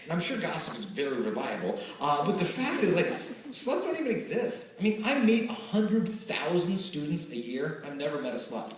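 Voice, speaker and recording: Man, somewhat high voice, live motivational talk, storytelling with acted dialogue, very echoey hall, distant mic. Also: normal speed. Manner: lively storytelling, acting out quoted exchanges. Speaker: chastity speaker at schools.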